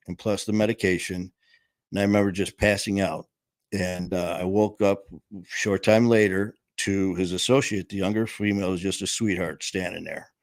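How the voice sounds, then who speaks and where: A man's voice: low-pitched, no room sound. A middle-aged man candidly telling his own story in plain, casual words, swearing now and then. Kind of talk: personal storytelling.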